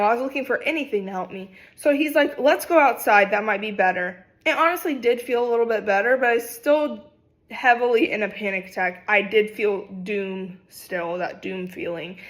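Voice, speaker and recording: Animated young woman telling a story. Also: a little high. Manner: animated, dramatic retelling with acted quotes. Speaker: vlogger. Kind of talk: casual storytime.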